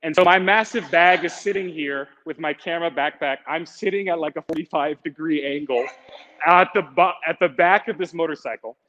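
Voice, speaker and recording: A young man telling a comic personal story on stage, casual and animated with lots of fillers. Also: a little high, fairly quick. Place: event space, streamed online. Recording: echoey, slightly muffled hall sound.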